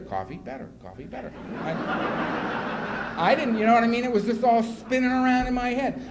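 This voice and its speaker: A man giving a personal testimony talk as guest speaker at a recovery meeting, acting out scenes with self-mocking humor. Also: very high-pitched. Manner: animated self-mocking storyteller who acts out scenes. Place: meeting room. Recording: noisy live room recording.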